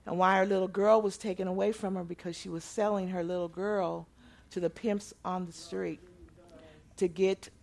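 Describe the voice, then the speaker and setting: A woman preaching a sermon, moving from loud proclaiming to quiet storytelling. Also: medium pitch, flat delivery, normal speed, gravelly.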